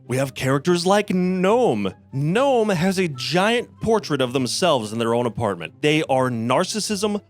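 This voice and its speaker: Sarcastic man ranting with lively pitch. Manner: sarcastic, profane, exasperated. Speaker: game reviewer. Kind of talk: ranting video game review.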